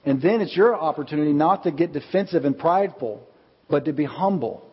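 A man preaching a sermon as pastor in a church, earnest, and slowing down to stress his key points. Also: a little high, expressive, husky. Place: church sanctuary. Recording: long hall reverb, dull lo-fi sound.

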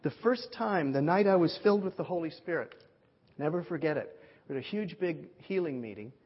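A man preaching a sermon, telling a story in a lively way and acting out the voices of the people he quotes. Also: fairly high pitch, fairly quick, husky. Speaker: pastor. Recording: dull lo-fi audio with long hall reverb.

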